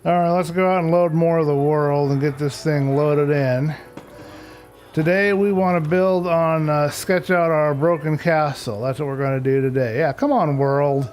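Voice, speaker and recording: A man's voice: fairly high pitch, steady tone, normal speed, darkish tone, soft background music. A man chatting casually to viewers during a live game stream, talking to himself and grumbling mildly about technical glitches. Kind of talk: casual live-stream chat while gaming.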